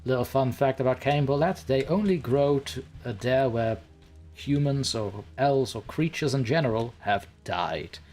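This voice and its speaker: A man's voice: mid-range voice, unhurried, a little mellow, faint music behind. A man streaming a game live, chatting playfully and theatrically with his viewers and the characters on screen. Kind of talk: live let's-play commentary.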